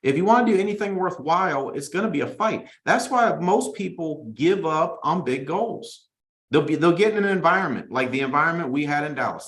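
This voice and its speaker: A man leads his sales team in a weekly motivational talk, delivering it with high energy and slipping into whiny mock voices of complainers. His voice sits fairly high for a man. The studio around him gives a roomy, echoing sound. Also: fairly bright tone. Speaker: host and sales team leader.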